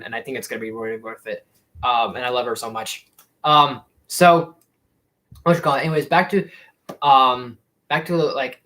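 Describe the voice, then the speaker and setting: A man's voice: on the high side, a bit bright, poor audio. A young man in casual live-stream chat, rambling with many fillers and restarts as he answers viewers. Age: young adult. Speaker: YouTube streamer.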